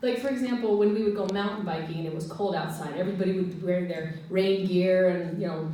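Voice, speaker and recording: A woman in her forties with an American accent, telling stand-up stories in a chatty, giggly way and acting out quotes in high voices. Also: fast, warm tone. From United States. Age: 40s. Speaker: stand-up comedian. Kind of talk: stand-up storytelling. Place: live room with audience. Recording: distant mic in echoey room.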